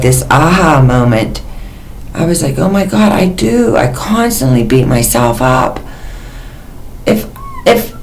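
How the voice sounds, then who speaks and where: A woman vlogger talking candidly and emotionally in a personal confessional monologue. Her pitch jumps suddenly in places. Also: slight background noise, poor audio.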